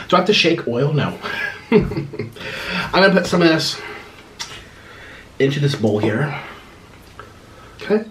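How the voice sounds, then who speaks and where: A young vlogger eats a spicy meal and answers questions, his mouth burning as he clears his throat between bites. He rambles loosely in a fairly bright voice with wide pitch swings, and the rough recording carries a faint hiss underneath.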